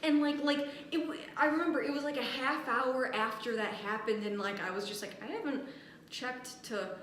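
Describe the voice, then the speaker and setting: High-voiced young woman, halting. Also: fairly even intonation, a bit bright. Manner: halting, many fillers and restarts. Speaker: podcast co-host. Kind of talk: casual storytelling chat. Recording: echoey room with faint noise.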